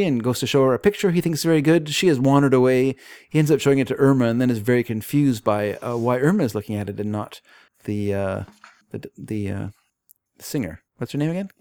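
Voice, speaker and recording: A man's voice: quick pace, no room sound. Man reading comics aloud with gusto. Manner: animated, reads quoted dialogue in lively higher voices.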